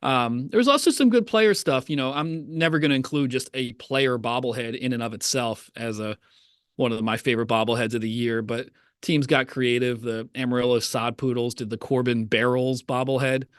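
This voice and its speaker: Uomo che chiacchiera con voce asciutta. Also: male voice, mid-range voice, normal speed, smooth, dry recording, clean studio sound. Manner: rambling, hesitant with many fillers. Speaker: podcast co-host, writer. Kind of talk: casual chat.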